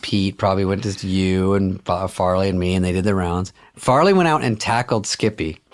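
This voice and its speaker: A man telling a story with dry, wry humor and casual swearing as a guest in a relaxed chat. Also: low-pitched, moderate pace.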